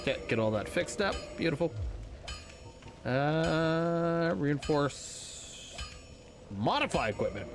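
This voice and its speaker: A man's voice: fairly high pitch, expressive, takes it slowly, long pauses, over music. A man streaming a video game, thinking aloud and swearing casually as he plays. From North America. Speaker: gaming streamer. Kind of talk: casual gameplay commentary.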